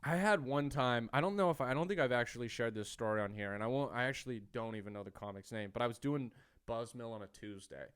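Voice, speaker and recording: A man hosting a comedy podcast, telling stories in casual chat, swearing often and acting out other people's lines loudly. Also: mid-range voice, fast talker, smooth. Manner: animated, acts out quotes loudly, swears often.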